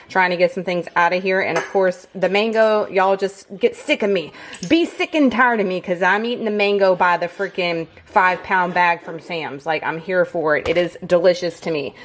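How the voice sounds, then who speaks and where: A woman with a Southern US accent talks through her day in a relaxed, chatty vlog. She speaks at a middle pitch and addresses her viewers directly, calling them y'all. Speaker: fitness and food vlogger. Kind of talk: casual vlog narration.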